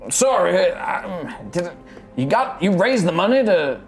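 Tabletop game: man voicing a humble old dwarf, folksy Texan drawl, higher than his own voice, stumbles and restarts. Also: big pitch swings, measured pace, music in the background, full character voice. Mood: flustered. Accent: put-on Texan drawl.

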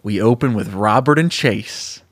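A man's voice: lowish voice, measured pace, slightly rough. A young man co-hosting a podcast, telling a made-up story with playful quotes and frequent laughter. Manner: animated storyteller, laughing at his own jokes. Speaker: podcast co-host. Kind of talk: casual chat, pitching a story.

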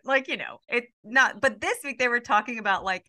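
A woman's voice: a little high, fairly quick, sharp tone. A young woman co-hosting a podcast, rambling casually with lots of fillers and acting out quotes. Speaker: podcast co-host. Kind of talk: casual chat.

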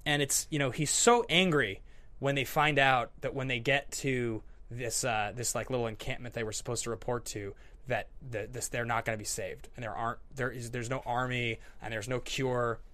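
A man's voice: mid-range voice, normal speed. A man hosting a casual movie podcast, talking animatedly and acting out scenes he loves. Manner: animated, acts out movie scenes in quoted voices. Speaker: podcast host.

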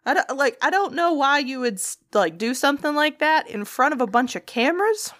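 A woman's voice: sits high, big pitch swings, fairly quick, a bit bright. A young woman in casual chat, telling a story with lots of swearing and acted-out quotes.

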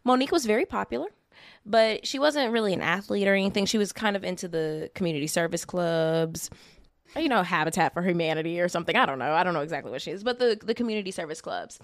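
A woman's voice: on the low side, fast talker, no echo. Chatty woman podcast host, dry sound. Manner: chatty, animated, self-deprecating. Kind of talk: casual true-crime podcast chat.

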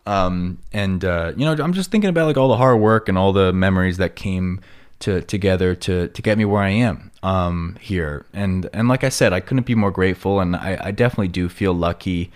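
A man with a New York accent hosts a casual solo podcast in a low, fairly quick voice. He rambles on, leaning on fillers and correcting himself often.

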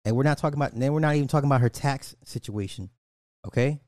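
A man's voice: mid-range voice, quick pace, darkish tone, no echo. Guy going off on a rant, cussing, says stuff twice, dry close sound. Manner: blunt, profane, repeats lines for emphasis. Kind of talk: casual commentary rant.

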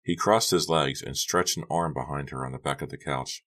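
A man narrating an audiobook in a steady storytelling delivery. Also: extremely low pitch, normal speed.

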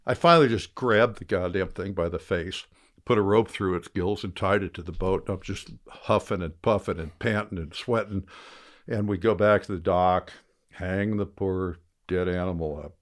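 An older man, a former fishing guide, telling a lively story in casual conversation and shouting out the quoted lines. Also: deep voice, normal speed.

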